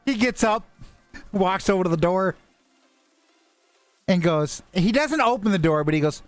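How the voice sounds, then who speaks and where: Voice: medium pitch, expressive, unhurried, pauses often, no room sound, soft background music. A game master narrating an online tabletop game casually, often repeating "he goes" as a lead-in.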